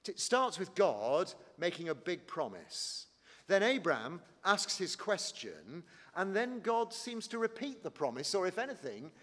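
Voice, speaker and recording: A man preaching a sermon in a church, animated and conversational, calling his listeners friends. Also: sits high, long reverb tail.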